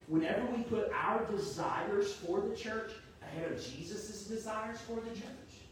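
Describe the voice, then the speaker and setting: A man's voice: high voice, a little slow, very echoey, distant mic, slight background noise, rough recording. A man preaching a sermon in a conversational, storytelling way. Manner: conversational, storytelling, animated when quoting. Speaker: pastor.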